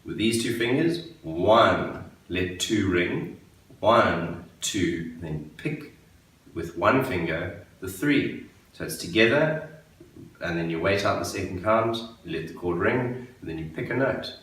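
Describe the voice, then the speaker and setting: A man giving a relaxed guitar lesson for beginners, patiently explaining and counting beats aloud. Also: deep voice, slow. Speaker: guitar teacher. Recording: very echoey room, mic at a distance, guitar playing. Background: guitar playing.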